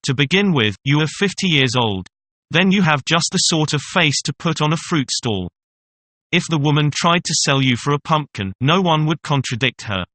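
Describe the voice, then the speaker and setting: A man reading the lines of a scornful, teasing young woman in a classic story audiobook, with a bright tone. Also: medium pitch, dry recording. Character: young woman, mocking kept mistress.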